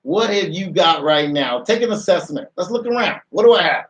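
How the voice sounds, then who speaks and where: Man, radio host, motivational talk, rhetorical questions, slightly high voice, a bit off-mic. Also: animated, moderate pace, fairly bright tone, recorded from a distance, dull audio. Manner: rhetorical questions, repeats phrases, restarts.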